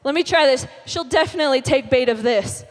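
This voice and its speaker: A woman voicing a sly, pestering male devil who tempts with lies, in a lowered, hushed, wheedling voice. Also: a little fast, natural voice. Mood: sneering. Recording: long reverb of a large hall.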